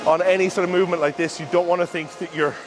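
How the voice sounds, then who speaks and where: A man giving casual, instructive commentary during his own gym workout, talking through form cues in a relaxed way. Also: high-pitched, racing, soft background music. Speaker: bodybuilder and coach. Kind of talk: casual training vlog commentary.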